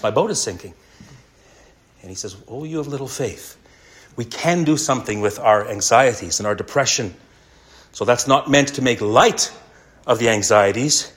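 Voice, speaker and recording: A man preaching a sermon earnestly, slowing down and repeating key lines for emphasis. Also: medium pitch, a bit bright. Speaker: pastor.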